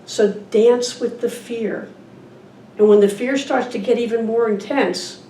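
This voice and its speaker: A woman's voice: a little high, fairly even intonation, unhurried, mellow, a little hiss or hum. A woman giving an informal talk at a church service, reading from a picture book and asking the audience questions. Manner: conversational, asks the audience questions. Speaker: guest speaker at a church service. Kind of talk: informal sermon with a picture book read aloud. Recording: echoey room, distant mic, faint ambience.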